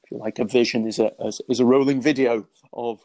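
A middle-aged man teaching in an earnest, conversational way, acting out quoted thoughts with lively exclamations and frequent restarts. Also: mid-range voice, quick pace. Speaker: Christian teacher.

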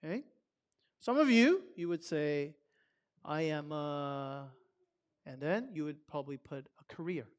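High-voiced man chatting to a congregation. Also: big pitch swings, moderate pace. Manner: conversational, asks the audience many questions; loose and chatty, filler words. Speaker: speaker at a Sabbath service. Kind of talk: casual talk to a congregation. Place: church service. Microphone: microphone.

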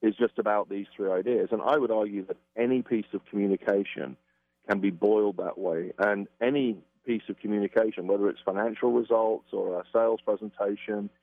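Low-voiced man over a tinny phone line. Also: fairly even intonation, brisk, no echo. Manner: emphatic, acts out quoted reactions. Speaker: communication expert guest. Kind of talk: conversational interview explanation.

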